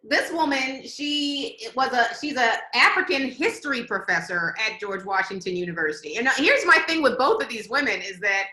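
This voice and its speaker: Bright, lively woman host in an echoey room. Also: fairly high pitch, moderate pace, hardly any pauses. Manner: animated, laughing, restarts mid-sentence. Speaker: podcast host. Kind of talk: casual chat over video call. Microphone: video call.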